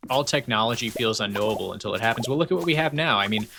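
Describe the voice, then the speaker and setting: A man's voice: lowish voice, very fast, gravelly, music in the background. A man streaming a video game from home, chatting casually and rambling off on tangents while reading chat aloud.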